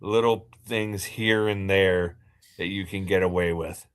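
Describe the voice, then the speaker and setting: A man chiming in on a casual podcast chat in a laid-back, low-key way. His voice sits a little low and stays easy and unhurried. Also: steady tone, smooth. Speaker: podcast co-host.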